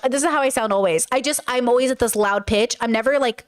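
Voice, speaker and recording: A woman streamer chatting casually with her live chat, loud and excitable, a self-described yell talker. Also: a little high, fast talker, hardly any pauses. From grew up in a Middle Eastern home. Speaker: streamer reacting to a video.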